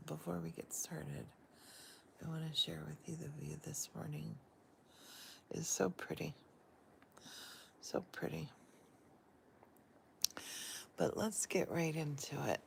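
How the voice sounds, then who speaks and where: A woman who has just woken up, whispering a live guided meditation from bed in a soft, gentle, unhurried voice while holding her phone, a little croaky. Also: sits low, a little hiss or hum. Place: in bed, indoors. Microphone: handheld phone camera.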